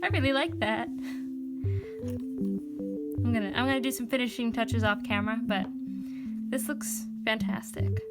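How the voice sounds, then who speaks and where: High-voiced woman, chatty crafting vlogger, rambling and filler-heavy, loud music under her voice. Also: moderate pace, pauses often. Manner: animated, swears casually. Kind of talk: casual chat while working. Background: background music.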